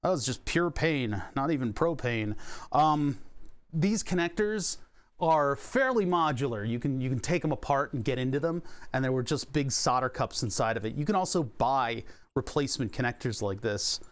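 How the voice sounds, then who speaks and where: A man live-streams himself assembling a racing wheel setup, chatting casually in an animated, medium-pitched voice at a moderate pace. He jokes at his own expense and swears when he hurts his hand.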